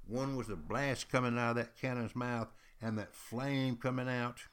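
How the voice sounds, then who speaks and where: A male storyteller recounts history in a lively, folksy spoken style. He speaks at an ordinary middle pitch and often turns to address his listeners directly. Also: takes it slowly, slight background noise. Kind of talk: oral storytelling.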